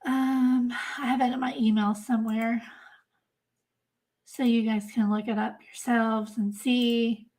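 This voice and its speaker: Hosting a livestream for her crime-case channel, this woman chats casually with her viewers, sounding emphatic and exasperated and repeating herself for effect. Her voice sits a little high with a darkish tone, barely moving in pitch, and she speaks at a measured pace.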